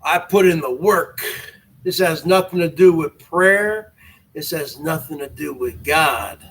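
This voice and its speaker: Gravelly, shouting, bombastic man. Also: fairly high pitch, measured pace. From Washington state. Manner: bombastic preacher-like boasting, taunting trolls. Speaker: YouTube channel host. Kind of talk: shouted wrestling-style promo to camera.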